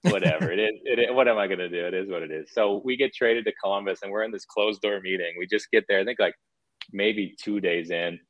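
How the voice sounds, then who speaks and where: A man's voice: on the low side, fairly quick, dull audio. A man in his thirties, a former hockey player, telling stories as a guest on a casual podcast in a rambling way full of restarts. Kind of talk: casual storytelling chat.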